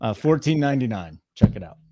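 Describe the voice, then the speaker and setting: A man in his forties co-hosting a sports betting show, trading crude deadpan jokes in casual chat. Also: mid-range voice, fast talker, dry recording. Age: 40s.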